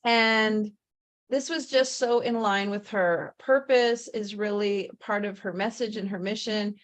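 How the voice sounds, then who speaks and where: A woman's voice: mid-range voice, fairly even intonation, unhurried. A woman hosting an online author event, enthusiastic and gushing as she introduces guests over a video call. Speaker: host. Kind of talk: upbeat livestream hosting.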